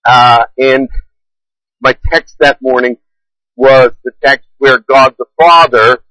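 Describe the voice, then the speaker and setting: Casting: middle-aged male pastor, mid-pitched voice, earnest measured sermon delivery, close dry sound. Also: fairly even intonation, sharp tone, no room sound, poor audio. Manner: earnest, measured preaching with slow emphatic stresses.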